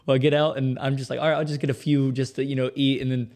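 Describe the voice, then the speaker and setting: A man's voice: mid-range voice, level tone, darkish tone. A young man, a guest on an interview, chatting in a casual way. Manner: quick and chatty.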